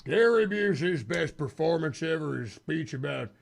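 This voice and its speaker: A man's voice: on the high side, expressive, normal speed, vocal fry. A man streaming a retro arcade game, joking and chuckling through casual commentary. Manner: jokey, chuckles often, drops into comic voices. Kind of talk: casual live-stream commentary over gameplay. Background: game music.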